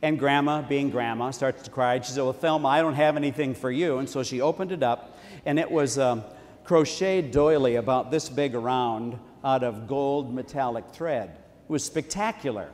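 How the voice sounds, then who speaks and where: A man's voice: mid-range voice, normal speed, a little mellow, in a large hall. A man preaching a sermon in a church in a conversational tone, repeating key phrases for emphasis.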